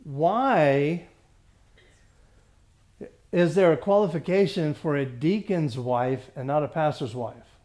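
A man teaching a Bible study class, who stumbles over his words, repeats himself and often clears his throat, reading scripture slowly. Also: a little high, darkish tone.

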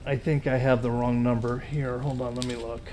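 A man preaching a Bible teaching, reading scripture and explaining it in a relaxed, conversational way with fillers and asides. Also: medium pitch, brisk, a little hiss or hum. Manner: reads scripture aloud in King James wording. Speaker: pastor.

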